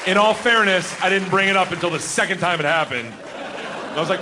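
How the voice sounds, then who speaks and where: A man performing a profane stand-up comedy set on a club stage, telling brash, animated stories into a handheld mic. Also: sits high, brisk. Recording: live show with loud crowd laughter and noise.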